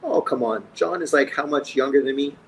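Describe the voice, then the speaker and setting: A middle-aged man from Canada hosts a casual boxing livestream and reads out comments. He talks in a blunt, joking way and swears nearly every sentence, at an ordinary pitch for a man. Faint room ambience hangs behind his voice. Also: fairly quick, slight background noise, low-quality recording. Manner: profane, blunt, joking banter. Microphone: streaming mic.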